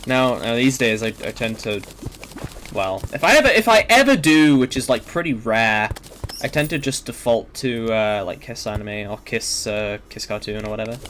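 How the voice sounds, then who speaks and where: A man's voice: mid-range voice, animated, moderate pace, a bit bright, slight background noise. A young adult man casually chatting while he streams a game, rambling with lots of fillers and swearing. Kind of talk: casual gaming stream chat.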